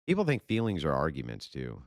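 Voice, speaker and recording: Gravelly, deep-voiced man ranting profanely. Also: huge pitch swings, fairly quick, dry recording, studio quality. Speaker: streamer answering chat questions. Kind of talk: casual livestream Q&A.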